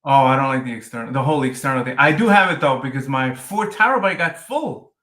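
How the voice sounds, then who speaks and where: A man talking casually as a guest, animated and rambling. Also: mid-range voice, fast talker. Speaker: podcast guest. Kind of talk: casual tech chat.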